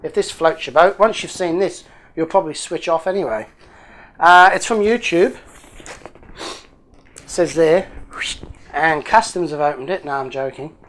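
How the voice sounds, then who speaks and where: A man's voice: fairly high pitch, normal speed, long pauses, fairly bright tone. A man hosting a casual unboxing video, chatty and jokey, thinking aloud as he opens parcels. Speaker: YouTube hobby channel host.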